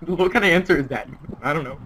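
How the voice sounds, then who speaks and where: A man's voice: fairly high pitch, expressive, moderate pace, bright, forceful tone, low-quality recording. A man co-hosting a livestream with a slightly raised voice, reading out viewer questions. He teases the others and laughs often. There is a faint hiss behind him. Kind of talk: casual livestream chat.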